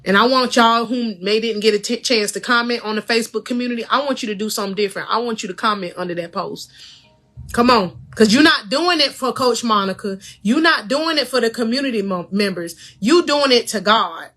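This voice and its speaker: Fervent, bright-voiced female life coach. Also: a little high, a little fast. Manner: fervent, preachy, addresses viewers directly; laughs between phrases. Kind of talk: faith-based motivational livestream.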